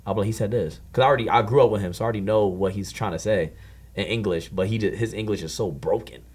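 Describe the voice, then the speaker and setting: Slangy laid-back young man, lowish voice. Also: quick pace, darkish tone, slight background noise. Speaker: student or staff member. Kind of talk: casual group chat.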